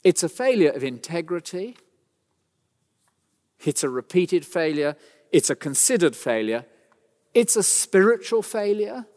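A man preaching a sermon, emphatic and rhetorical, with dramatic pauses. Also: high voice, sing-song, a little mellow. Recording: long hall reverb.

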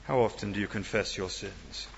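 A man's voice: on the low side, moderate pace, gravelly, slight background noise. A middle-aged man preaching a sermon in an earnest way, with wry asides and rhetorical questions. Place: church. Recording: dull sound in a long-reverb hall.

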